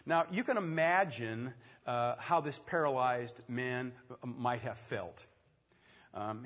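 Husky preacher in an echoey hall. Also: male voice, on the high side. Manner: animated storytelling with quick asides and sudden loud swells. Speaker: pastor. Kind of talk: sermon. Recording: echoey hall with long reverb.

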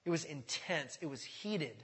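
This pastor's voice sits on the high side, bright and a touch breathy, and he speaks expressively without hurrying in a large, echoing space. His sermon is conversational, full of "does that make sense?" check-ins and acted-out voices for the dialogue he quotes.

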